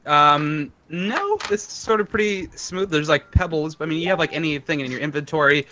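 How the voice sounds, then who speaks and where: A man's voice: a little high, lively intonation, normal speed, background noise. A man narrating as game master of a tabletop game, describing scenes in a loose, descriptive way with many fillers.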